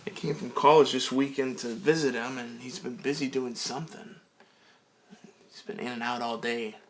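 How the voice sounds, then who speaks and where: A woman's voice: rumbling low, fairly even intonation, normal speed, faint music behind. An actress playing a young woman home from college who talks about her absent father in a dry, offhand way. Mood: wry. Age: young adult.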